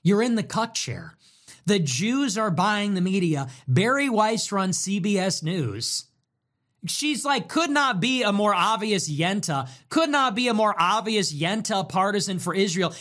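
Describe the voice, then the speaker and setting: A young man holds forth alone in a heated, mocking rant. His voice sits high for a man and swings widely from low grumbles to sharp peaks. He curses freely and talks with contempt throughout. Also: very animated, unhurried. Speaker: commentator. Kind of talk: solo monologue rant.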